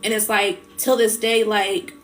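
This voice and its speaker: A woman's voice: medium pitch, level tone, unhurried, soft background music. A woman hosting a spiritual livestream, speaking in a heartfelt, rambling way full of fillers, getting tearful as she talks about healing. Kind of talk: emotional casual livestream talk.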